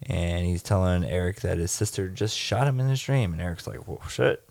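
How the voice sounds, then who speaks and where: A man's voice: low-pitched, brisk, creaky, a little mellow, no echo. A man hosting a podcast, loosely recapping a film's plot with jokes and asides. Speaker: podcast host. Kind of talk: casual podcast chat.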